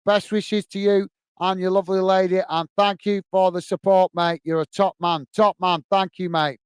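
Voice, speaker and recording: A man's voice: high voice, flat delivery, normal speed, clear, resonant tone, no room sound. A man hosting a live football watch-along stream. He rants passionately and chats with viewers, calling them mate, between bits of match commentary. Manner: passionate, ranting, chatty, addresses viewers as mate.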